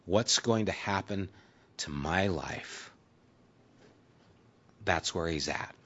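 A man's voice: low voice, slow pace, fairly bright tone. A man preaching a sermon in a conversational way, reading scripture aloud with dramatic emphasis. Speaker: pastor. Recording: dull lo-fi recording.

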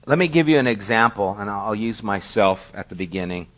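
A man's voice: fairly low pitch, animated, a little fast. A middle-aged male pastor preaching a sermon in a conversational, storytelling way, poking fun at himself. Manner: conversational storytelling with self-deprecating asides.

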